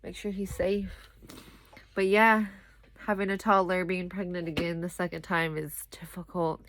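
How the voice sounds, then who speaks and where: A woman's voice: fairly low pitch, level tone, a little slow, a bit bright. A young woman, talking casually to the camera in a rambling, tired way. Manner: rambling, chatty, breaks off to talk to her toddler. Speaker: vlogger.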